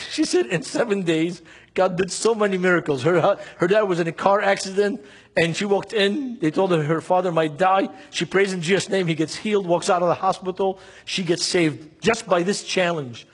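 A man's voice: high voice, normal speed, breathy edge. A man preaching a sermon with passion, throwing rhetorical questions at his listeners. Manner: impassioned, fires rhetorical questions at the audience.

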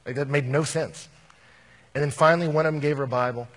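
A man preaching a sermon as pastor, animated, shifting from loud bursts to hushed, earnest lines. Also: medium pitch, quick pace.

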